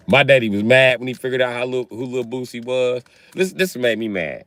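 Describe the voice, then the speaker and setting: Guy ranting on his livestream, cussing and cracking up a lot, low voice that swings all over, dry close sound. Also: fairly bright tone, dry recording. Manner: rambling, profane, laughs often. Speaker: livestream host. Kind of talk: casual comedic rant.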